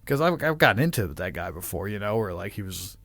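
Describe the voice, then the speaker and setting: A man's voice: on the low side, quick pace, no echo. Male podcast host, Midwestern American accent, rambling and swearing, dry close sound. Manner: rambling, swearing, animated storytelling. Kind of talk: casual chat.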